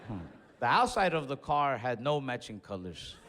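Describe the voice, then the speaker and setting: On a stage with long hall reverb, a young stand-up comedian tells a loose, profane story at a moderate pace in a medium-pitched voice. He's animated and slips into acted-out voices of other people.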